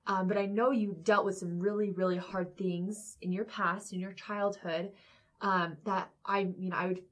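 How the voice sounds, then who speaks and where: A woman hosting a casual interview, reacting with excited exclamations and asking earnest questions. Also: medium pitch, a little slow. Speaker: host.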